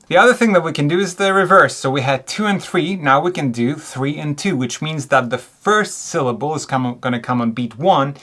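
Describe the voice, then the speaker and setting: A man teaching songwriting in a relaxed way, counting beats aloud and singing short examples. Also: on the high side. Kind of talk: music lesson.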